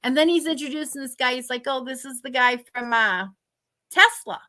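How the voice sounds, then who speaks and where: Female co-host, high and bright, lively casual storyteller who mimics others. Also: normal speed. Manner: animated storyteller, acts out other people's lines. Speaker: podcast co-host.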